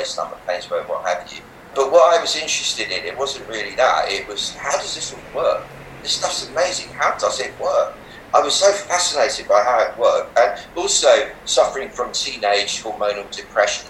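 A relaxed interview features an older healer and meditation teacher with a mid-range voice, telling animated anecdotes, laughing often and acting out quoted voices. A slightly distant mic gives the audio a roomy feel with faint background noise.

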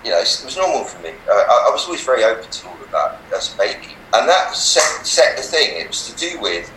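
An older man, a healer and meditation teacher, telling animated stories in an interview and laughing often. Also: medium pitch, fast talker. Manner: animated anecdotes, laughs often, acts out voices in quotes. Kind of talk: storytelling in a relaxed interview. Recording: roomy, slightly distant mic with faint background noise.

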